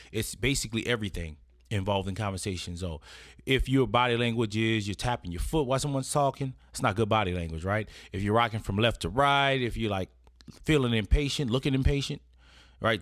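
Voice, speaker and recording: A man's voice: fairly low pitch, no room sound, clean studio sound. A man presenting an etiquette lesson in a casual instructional style, partly read, often checking in with "right?". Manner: conversational, checks in with frequent "right?". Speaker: presenter giving etiquette advice.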